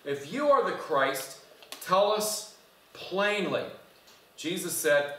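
Echoey preacher speaking from afar. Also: male voice, fairly high pitch, big pitch swings, takes it slowly, long pauses, fairly bright tone. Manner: conversational preaching, quizzes the congregation. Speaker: pastor. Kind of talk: sermon. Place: church sanctuary. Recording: echoey church from far off.

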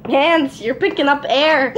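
Young woman vlogging, high voice, talks real slow, keeps giggling, noisy room. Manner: giggly, laughing often. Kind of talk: casual challenge video chat. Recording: noisy home recording.

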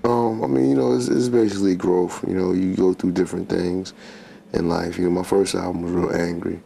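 Very deep, flat, gravelly man. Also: brisk, slight background noise. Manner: laid-back, reflective, many "you know"s. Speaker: interview guest, rapper. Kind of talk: interview answer.

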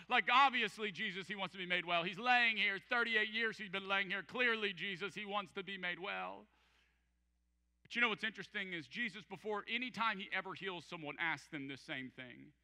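A pastor delivering an emphatic sermon, repeating key phrases and acting out quoted voices. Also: male voice, sits high, moderate pace, pushed and bright. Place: large church hall. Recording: church hall with long reverb.

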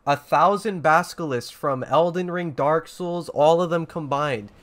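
A young man streaming a video game, giving excitable, slangy commentary and swearing often. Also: fairly high pitch, measured pace. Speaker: gaming streamer. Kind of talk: gameplay commentary. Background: game music.

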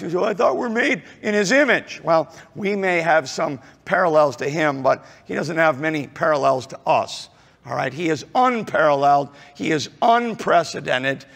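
A man preaching a sermon as pastor, halting with many fillers, sometimes dropping to a near-murmur before rising again. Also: fairly high pitch, vocal fry, fairly bright tone. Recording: long reverb of a large hall.

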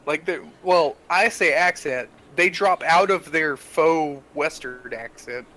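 A young adult man co-hosting a casual podcast, telling a story with animated, exasperated asides. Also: on the high side, takes it slowly. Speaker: podcast co-host.

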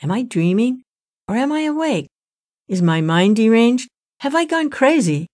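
A woman reading the lines of a righteous king who speaks in deep anguish and then indignation, in a storybook retelling. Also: sing-song, normal speed, a little mellow. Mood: indignant. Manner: pleading then indignant questioning. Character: anguished righteous king, middle-aged man.

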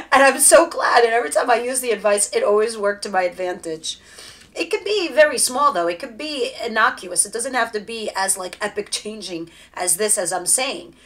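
A woman's voice: medium pitch, fairly bright tone. A woman giving a casual tarot reading straight to the viewer, chatty and direct. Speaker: tarot reader.

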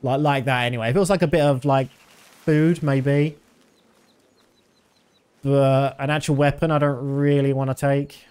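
A man's voice: medium pitch, fairly even intonation, moderate pace, long pauses, darkish tone, clear, resonant tone. A man in his thirties giving casual, rambling commentary while streaming a game, with many fillers.

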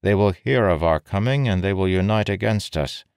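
A man's voice: low-pitched, normal speed, gravelly, darkish tone, clear, resonant tone, no room sound, studio quality, pitched above the performer's own voice. A man voicing a proud, suspicious male nobleman who speaks in curt, growling, guarded replies in an audiobook. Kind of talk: audiobook character voice.

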